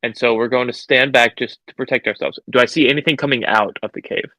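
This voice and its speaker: A man's voice: medium pitch, steady tone, fast, bright, forceful tone, no room sound, rough recording. A man playing a tabletop game, hesitant and stammering, with the odd swear. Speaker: player. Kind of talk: casual tabletop play.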